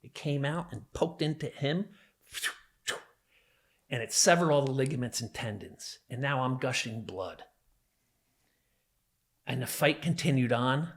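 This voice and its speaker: A middle-aged New Jersey man, a guest on a podcast, pauses often as he recounts a violent memory in a medium-pitched voice at a slightly slow pace. He tells the personal story vividly, with intensity and emphasis.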